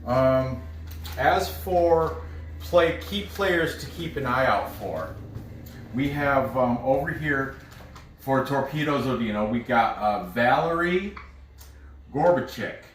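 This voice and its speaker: A man's voice: mid-range voice, expressive, takes it slowly, a little hiss or hum. A man casually breaking down soccer matches for bettors, thinking aloud and stumbling over names. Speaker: sports betting analyst. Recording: roomy, mic at a distance.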